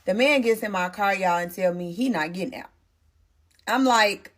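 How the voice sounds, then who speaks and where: A woman's voice: mid-range voice, normal speed. Emotional young woman telling a story. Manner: emotional, animated, talks straight to viewers. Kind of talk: casual storytime monologue.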